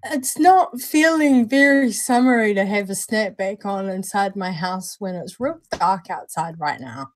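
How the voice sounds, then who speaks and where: A woman's voice: medium pitch, unhurried, few pauses, dry recording. A woman hosting a casual live vape review stream from home, chatty and laughing often. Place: at home, indoors at night.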